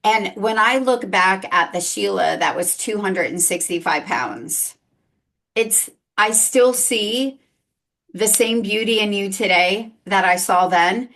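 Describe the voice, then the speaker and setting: A woman's voice: mid-range voice, slow, fairly bright tone. A woman hosting a faith-based interview podcast, asking guests earnest, reflective questions. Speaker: podcast host.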